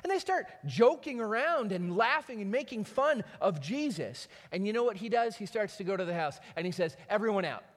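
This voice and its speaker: Animated high-voiced male preacher. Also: moderate pace, few pauses, big-room sound. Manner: animated dramatic storytelling. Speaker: pastor. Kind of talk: sermon.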